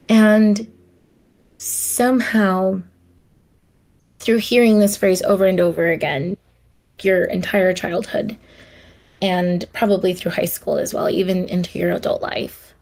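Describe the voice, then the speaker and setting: A slightly mellow, mid-range voice belongs to a woman hosting her own podcast. She speaks from the heart in a conversational, reflective way and acts out the voices she quotes.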